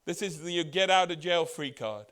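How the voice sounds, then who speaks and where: Pitched fairly high, expressive and a bit bright, this pastor's voice carries a conversational sermon. He asks his congregation rhetorical questions and performs the words of Bible characters in quick voices.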